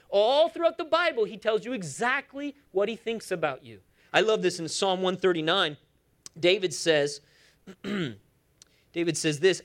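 A woman preaching a sermon in a church, emphatic and coaxing her congregation along. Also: fairly high pitch.

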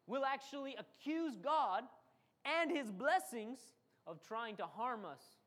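A man's voice: very high-pitched, animated, a little slow, a bit bright. A man preaching a sermon, dramatic and repetitive, briefly acting out the voices of the people he quotes. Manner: dramatic, repeats phrases for emphasis, acts out voices of the people he quotes.

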